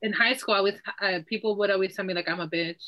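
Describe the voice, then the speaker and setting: A woman's voice: mid-range voice, fairly even intonation, fast, highs cut off. A young woman co-hosting a casual podcast chat, open and talkative, freely sharing about herself. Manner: open, chatty, oversharing. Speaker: podcast co-host.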